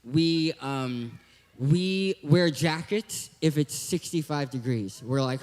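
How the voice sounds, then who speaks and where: A young man from Southern California gives a joking, hyper youth talk at a church. His voice is high and his speech has a cartoon-like lisp. A long hall echo trails his words. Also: lively intonation, takes it slowly. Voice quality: lisping, cartoon-like voice. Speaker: guest speaker.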